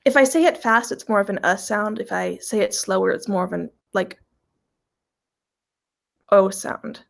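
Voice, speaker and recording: Woman consultant, gravelly fry, casual and unsure, hedges often. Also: mid-range voice, moderate pace. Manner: tentative, hedges her answers. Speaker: language consultant. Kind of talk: casual elicitation answers.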